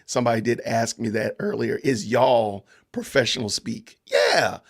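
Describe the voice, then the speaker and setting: A man's voice: mid-range voice, expressive, normal speed, gravelly, breathy edge. A man with a Southern Georgia accent hosting a casual livestream podcast, chatting loosely with viewers and greeting the chat. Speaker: podcast host.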